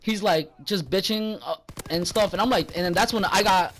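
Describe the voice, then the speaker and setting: This gaming channel vlogger has a high-pitched, fairly bright voice at normal speed, with slight noise in the background. The young man rambles and swears through a story about a rude customer at work, growing heated as he repeats his own words.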